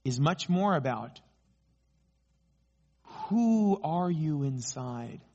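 Emphatic higher-voiced male preacher. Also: lo-fi sound. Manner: emphatic, slows down for key phrases, rises in pitch when excited. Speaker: pastor. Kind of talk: sermon.

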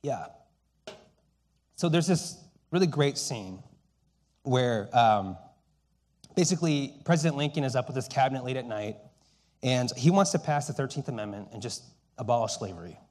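A middle-aged man delivers a sermon with a storyteller's manner. He swings between raised, emphatic stretches and soft, hushed lines. His voice sits at an ordinary middle pitch. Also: animated, moderate pace, long pauses. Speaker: pastor.

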